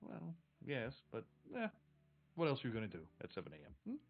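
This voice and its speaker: A man playing a brisk, kindly mother. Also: mid-range voice, wildly swooping pitch, highs cut off. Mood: coaxing. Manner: practical, coaxing.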